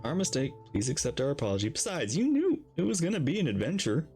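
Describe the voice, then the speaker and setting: A man's voice: fairly high pitch, sing-song, fast, darkish tone, soft background music. A man streaming a game reaction, chatting playfully and rambling as he goes. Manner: playful and rambling, reads lines along. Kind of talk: casual reaction commentary.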